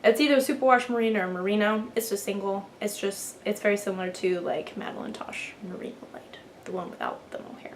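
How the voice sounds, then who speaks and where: A woman's voice: mid-range voice, a little fast, a little hiss or hum. A young woman hosting a knitting video podcast, chatting casually while showing her work, rambling a little with fillers and restarts. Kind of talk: casual show-and-tell chat.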